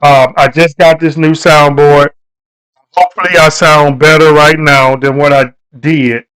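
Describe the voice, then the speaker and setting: Brief: male live stream host, higher-pitched voice, loose and preachy. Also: fairly even intonation, a little slow, fairly bright tone, clear, resonant tone, poor audio. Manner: loose, repetitive, preachy delivery addressing viewers. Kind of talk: casual live stream talk.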